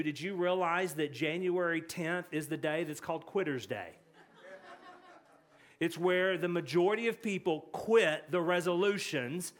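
A man's voice: high voice, a bit bright. A man preaching a sermon in a church, earnest and conversational, often repeating words as he goes. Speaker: pastor. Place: church sanctuary.

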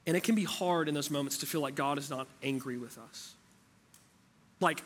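A man's voice: on the high side, moderate pace, a little hiss or hum. A man preaching a sermon as pastor, talking in a conversational way and asking the room rhetorical questions.

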